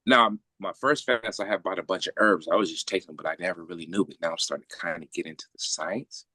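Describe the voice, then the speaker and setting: A man's voice: low voice, quick pace, pushed and bright, dry recording. A man telling a personal story as a podcast guest in casual, blunt, profane street slang. He keeps checking in with "right?".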